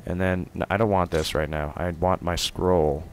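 Low-voiced man yelling gameplay taunts. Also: normal speed, slight background noise. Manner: excitable, yelling taunts, then muttering. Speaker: gamer. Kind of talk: let's play commentary.

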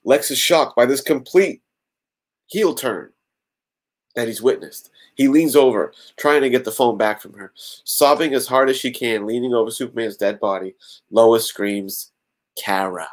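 A man's voice: mid-range voice, a little slow. Man reading a story with joking asides. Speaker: podcast host. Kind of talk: reading a fan-written story aloud.

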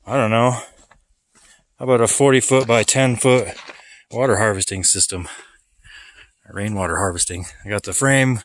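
Breathless low-voiced man outdoors. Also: moderate pace, long pauses. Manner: relaxed, self-deprecating, rambling. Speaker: vlogger builder. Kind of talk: casual walkthrough vlog. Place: outdoors on a building site.

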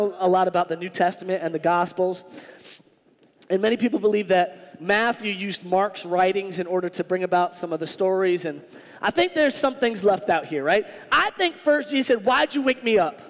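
A male pastor preaching a sermon in an animated, humorous, conversational way. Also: sits high, big-room sound.

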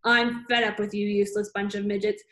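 Lady reading a kids book doing a big angry bully headmistress, roaring and loud. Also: mid-range voice, flat delivery, fairly quick, close to an everyday voice. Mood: roaring furious. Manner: roaring, bellowing. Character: huge furious bullying headmistress, woman.

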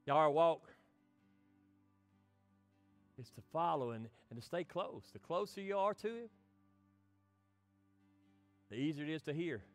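A middle-aged man preaching a sermon as pastor, swinging between impassioned lines and soft, hushed ones. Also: fairly high pitch, lively intonation, moderate pace, long pauses, soft background music.

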